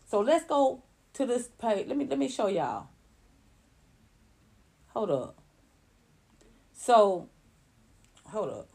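Blunt, animated woman giving gossip commentary. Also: fairly high pitch, slow pace, pauses often. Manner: animated, blunt, rising to heated outbursts. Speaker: commentary vlogger.

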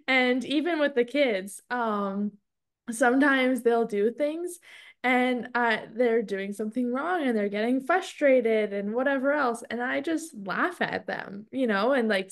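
A woman's voice: a little high, a little slow. A woman in her thirties co-hosting a podcast, telling a story with lots of fillers and frequent laughter. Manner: storytelling, animated, laughs often, many "like" fillers. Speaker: podcast co-host. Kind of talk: casual podcast chat.

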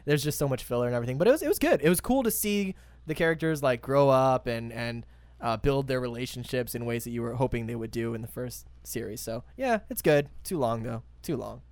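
A man's voice: medium pitch, lively intonation, brisk, a little mellow, dry recording. A man hosting a casual anime podcast, laid-back and laughing often. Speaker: podcast host.

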